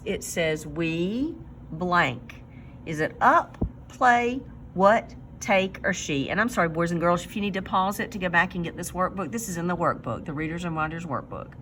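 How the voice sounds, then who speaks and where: A woman teacher giving a recorded reading lesson to young children, sounding out words slowly and clearly. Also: on the low side, a bit bright, a little hiss or hum.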